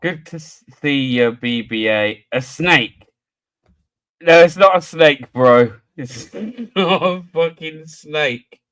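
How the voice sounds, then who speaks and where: A British man hosting a casual livestream quiz, who laughs often, swears freely and reads riddles out slowly. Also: fairly high pitch, animated, fairly bright tone, dry recording. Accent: British English.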